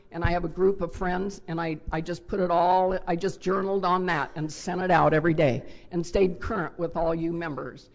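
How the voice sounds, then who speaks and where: An older woman stands at a podium microphone in a hotel ballroom and tells her own story to the room. Her voice has a gravelly, creaky edge. She speaks candidly and from the heart. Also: on the low side. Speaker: recovery convention speaker. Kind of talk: personal share talk.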